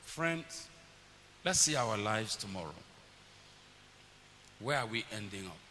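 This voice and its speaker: Long church reverb and a faint hiss surround a middle-aged pastor preaching in a church hall. Slow and fairly low-pitched, with big swings in pitch, his pushed, bright voice tells family tales and mimics his children.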